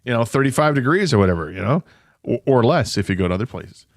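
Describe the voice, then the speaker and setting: A man's voice: mid-range voice, lively intonation, fast, no echo. A man co-hosting a sports talk radio show, talking in a dry, unimpressed way. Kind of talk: casual sports radio chat. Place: radio studio.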